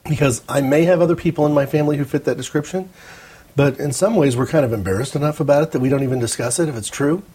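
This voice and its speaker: A man's voice: fairly high pitch, fast talker, warm tone, slightly rough. An American man hosting a rambling opinion monologue, talking wryly with small hesitations. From United States. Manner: rambling, wry commentary with hesitations. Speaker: host.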